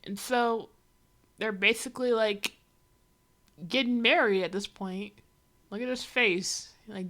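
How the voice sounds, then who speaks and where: A woman's voice: medium pitch, fairly even intonation, slow pace, long pauses, a bit bright. A young woman streaming, giving sarcastic, exasperated reaction commentary.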